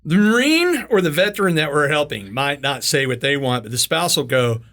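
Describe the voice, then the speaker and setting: Laughing, animated male podcast host. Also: a little high, moderate pace. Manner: animated, laughs through stories, swears casually. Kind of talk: casual storytelling interview.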